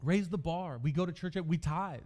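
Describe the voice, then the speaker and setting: A man's voice: a little high, moderate pace, darkish tone. A male pastor in his thirties giving a sermon, telling stories from his youth with self-deprecating humor.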